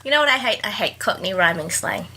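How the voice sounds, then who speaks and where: A woman's voice: mid-range voice, lively intonation, fast talker, sharp tone, a little hiss or hum. A woman guest-hosting a podcast, reading aloud and joking sarcastically, laughing often. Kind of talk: casual comedic book chat.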